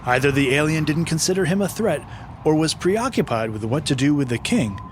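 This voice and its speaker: A man's voice: on the high side, animated, fairly quick, slight background noise. Man narrating a children's story podcast. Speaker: host and narrator.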